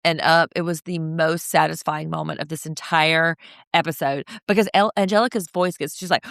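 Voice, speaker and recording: A woman co-hosting a casual recap podcast, animated and breaking into mocking impressions. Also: low-pitched, normal speed, gravelly, dry recording, studio quality. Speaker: podcast co-host.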